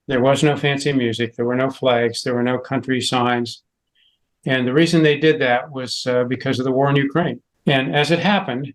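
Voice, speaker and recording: A man's voice: medium pitch, rough recording. Enthusiastic man giving a club slide talk. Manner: enthusiastic storyteller with frequent "uh" fillers. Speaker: club presenter.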